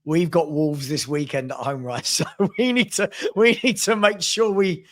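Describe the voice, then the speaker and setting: A man on a football panel podcast from home, calmly making his point with hesitant restarts. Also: a little high, moderate pace. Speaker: panel pundit, Forest fan. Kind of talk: casual football debate.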